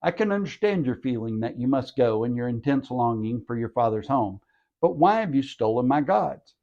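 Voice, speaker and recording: A man's voice: medium pitch, lively intonation, normal speed, dark tone, lo-fi sound, natural voice. A man reading the part of an angry older father-in-law who accuses his son-in-law. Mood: indignant.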